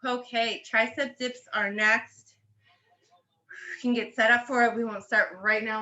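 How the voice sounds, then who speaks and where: A woman's voice: fairly high pitch, little pitch movement, unhurried, bright, forceful tone, reverberant. A young woman coaching a home workout, out of breath and encouraging, cheering between sets. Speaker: fitness instructor. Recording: dull lo-fi audio with faint music.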